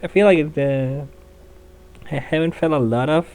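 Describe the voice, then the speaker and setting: A woman's voice: deep voice, moderate pace, a little mellow, low-quality recording. A woman hosting a let's play, rambling through casual gameplay commentary and laughing often.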